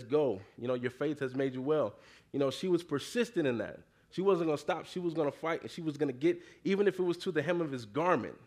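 Guy preaching real casual, slangy, lots of "you know", voice sits a bit high. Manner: conversational, slangy, frequent "you know", calls for congregation response. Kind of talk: casual sermon with scripture reading.

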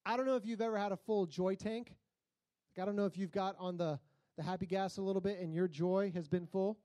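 A male pastor preaching a sermon in a conversational, storytelling way, sometimes breaking into loud comic outbursts. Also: high-pitched, steady tone, a little fast, dry recording.

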